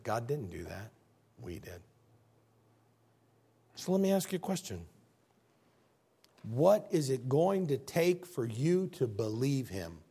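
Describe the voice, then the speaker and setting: A man preaching a sermon in church, telling stories with big swings from loud excitement to hushed earnestness. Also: mid-range voice, breathy edge.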